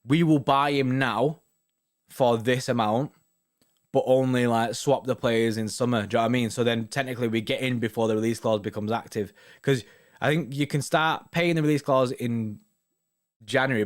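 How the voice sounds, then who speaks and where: A young man chatting casually as a host, rambling and often asking "do you know what I mean". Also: mid-range voice. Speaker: host reading viewer comments. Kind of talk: casual live-stream chat.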